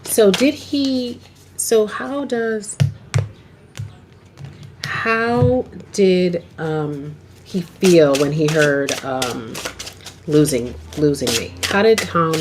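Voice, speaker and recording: In a noisy home video, a woman with a lowish voice speaks extremely slowly as she gives a casual tarot reading to camera. She rambles and often asks "okay."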